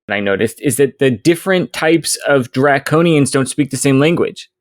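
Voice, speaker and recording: A man's voice: mid-range voice, animated, moderate pace, dry recording, clean studio sound. A man co-hosting a podcast, chipping in brief comments and plot summaries in casual talk. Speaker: podcast co-host. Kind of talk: casual book discussion.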